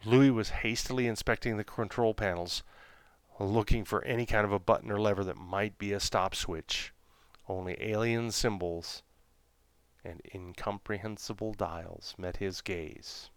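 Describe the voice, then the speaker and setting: A man reading a serialized children's story aloud in a gentle, unhurried storytelling manner. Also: lowish voice, fairly even intonation, smooth, dry recording. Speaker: narrator.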